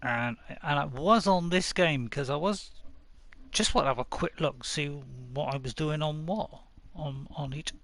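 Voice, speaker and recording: A man's voice: a little high, measured pace, fairly bright tone. A man live-streaming a game from home, chatting casually and rambling with little chuckles, close to his desk mic. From United Kingdom. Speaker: gaming streamer. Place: home room.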